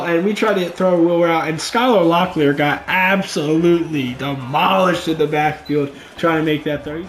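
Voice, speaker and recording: A young man calls a football video game in a high, excitable voice, dropping to quiet muttering and then shouting at big plays. The room is echoey, with a faint hum behind him. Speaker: gaming YouTuber. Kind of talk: let's play commentary.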